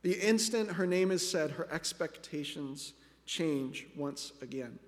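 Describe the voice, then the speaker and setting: A man's voice: fairly high pitch, lively intonation, a little slow. A man preaching a sermon as pastor, earnest and reflective, speaking directly to his listeners as friends. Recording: long reverb of a large hall.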